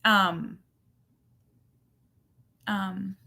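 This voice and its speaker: A woman's voice: medium pitch, flat delivery, extremely slow, creaky, pushed and bright. A woman in her thirties or forties, a mother and channel host, chatting casually and animatedly on a livestream, full of fillers.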